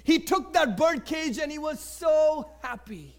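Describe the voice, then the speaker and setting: A man telling a moral story dramatically, swinging between loud exclamations and hushed near-whispers. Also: extremely high pitch, lively intonation, a little slow.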